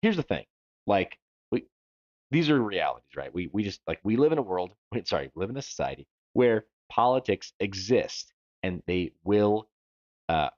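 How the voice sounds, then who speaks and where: A man's voice: lowish voice, sing-song, normal speed, darkish tone, no room sound, dull audio. A man co-hosting a live stream, chatting casually and joking as he reads viewer comments aloud. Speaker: livestream co-host.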